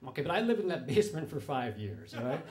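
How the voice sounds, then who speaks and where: High-voiced male storyteller. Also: very animated, a little fast, a little mellow. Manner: conversational, frequent tag questions. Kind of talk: live storytelling to an audience. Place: live storytelling stage.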